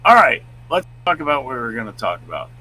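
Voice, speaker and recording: Loud, lively-voiced male co-host. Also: fast talker, breathy edge, poor audio. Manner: loud, booming voice. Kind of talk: casual live-stream chat and news reading.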